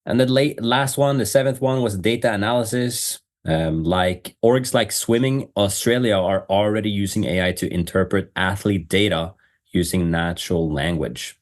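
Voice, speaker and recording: A man hosting a podcast, talking loosely with many fillers and quick laughs in casual chat. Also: fairly low pitch. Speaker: podcast host.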